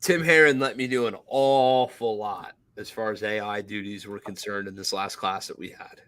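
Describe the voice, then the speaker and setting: A man co-hosting a podcast, telling stories in casual chat, animated and profane, acting out others in a shouting voice. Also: fairly low pitch, moderate pace. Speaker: podcast co-host.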